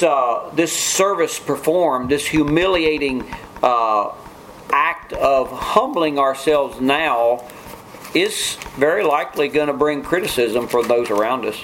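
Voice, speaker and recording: A man's voice: medium pitch, a bit bright, a little hiss or hum, rough recording. A man preaching a sermon in an earnest way, often restarting phrases and mimicking scoffers. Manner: earnest, repetitive restarts, mock-quotes scoffers.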